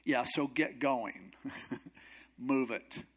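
God as a blunt, brisk boss, as a preacher puts him on. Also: male voice, mid-range voice, fairly bright tone, breathy edge, heavily acted. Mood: matter-of-fact. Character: God, blunt and matter-of-fact, briskly giving orders.

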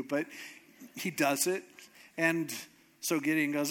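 A man's voice: on the high side, lively intonation, measured pace, long pauses, fairly bright tone. Man retelling a story in a sermon. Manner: casual, conversational retelling with humor.

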